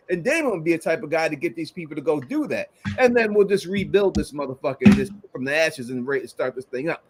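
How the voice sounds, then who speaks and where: A man's voice: sits high, expressive, fairly quick, hardly any pauses, a little hiss or hum. Emphatic man arguing a point. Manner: emphatic, argumentative, swears. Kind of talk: casual livestream chat.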